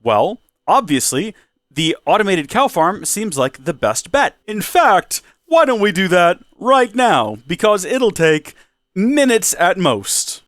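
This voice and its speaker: Lively, playful man hosting a Minecraft let's play. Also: sits high, slow pace, no room sound, clean studio sound. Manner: playful mock presenter tone, rambling with self-corrections. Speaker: Minecraft channel host.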